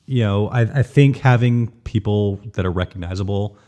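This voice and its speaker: Low, mellow-voiced man, measured. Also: highs cut off. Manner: measured, thoughtful, says "you know" often. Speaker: podcast host. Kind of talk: casual chat.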